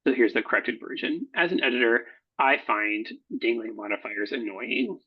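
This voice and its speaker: A man who edits research proposals, talking through slides in a recorded workshop, halting often with fillers and self-corrections. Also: medium pitch, lively intonation, husky. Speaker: proposal editor. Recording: dull lo-fi recording.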